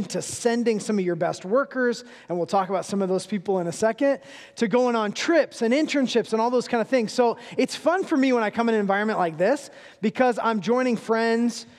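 A man in his thirties preaches as a guest speaker, telling family stories with humor in a relaxed, conversational way. His voice sits high for a man. The church around him rings with a long reverb. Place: church sanctuary.

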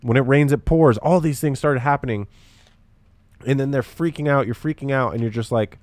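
A man's voice: medium pitch, a little fast, a little mellow, dry recording. A young man talking in a rambling, profane way with lots of fillers, hosting a casual solo podcast.

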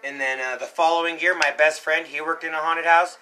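A young man co-hosting a podcast, telling a story in a casual, animated way, acting out shouts and quotes. He coughs now and then. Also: fairly high pitch, fairly quick, rough recording. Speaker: podcast co-host.

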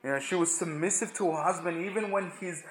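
A man with a fairly high voice teaches a Bible lesson in a loose, conversational way. He stumbles and repeats words often, filling gaps with "you know." The sound bounces around a reverberant room. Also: fast talker. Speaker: preacher. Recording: echoey room.

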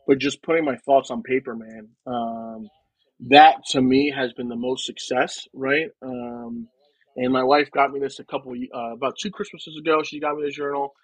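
A young man from New Jersey, talking casually as a podcast guest, in a relaxed and rambling way with frequent "man" and "right". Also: mid-range voice, normal speed, no echo, low-quality recording. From New Jersey, United States. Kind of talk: casual conversation.

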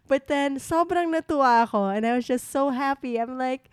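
A woman's voice: sits high, moderate pace, hardly any pauses, clear, resonant tone, no echo. A young woman chatting casually, telling a story animatedly and switching between English and Tagalog. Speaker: vlogger recounting her wedding. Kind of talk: casual chat.

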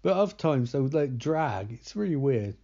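A man's voice: medium pitch, very animated, normal speed, dark tone. Sarcastic, swearing man recapping a film. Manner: sarcastic, swears often, loses track of names. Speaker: movie commentator. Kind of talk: casual sardonic movie recap. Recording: slightly dull lo-fi recording.

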